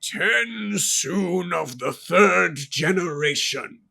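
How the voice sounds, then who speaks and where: A man doing a haughty elder official who talks in a raised, lofty voice and stretches every word out slowly. He sounds self-important and commanding, loud and deliberate. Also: sits high, expressive, gravelly, slightly rough, pitched above the performer's own voice, full character voice. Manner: lofty, drawn-out speech. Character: lofty male kandra elder, bureaucrat, thick accent.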